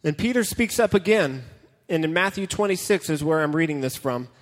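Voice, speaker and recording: A man's voice: on the high side, expressive, fairly quick. A man preaching a casual, joking sermon to a young crowd, retelling and reading a Bible story with dramatic flair. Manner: joking, dramatic storytelling, reads scripture aloud. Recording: long hall reverb.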